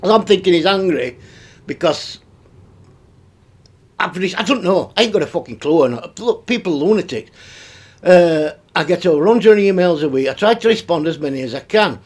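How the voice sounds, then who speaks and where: A middle-aged man hosting a YouTube commentary vlog rants in a high-pitched voice with lively intonation at a normal speed. Exasperated, he swears freely and laughs between remarks.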